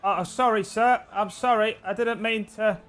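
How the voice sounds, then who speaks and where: A man's voice: high voice, fairly even intonation, normal speed, a bit bright, voice pushed up. A man voicing a timid, nervous male tavern patron who stammers apologies in a tabletop game. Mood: apologetic.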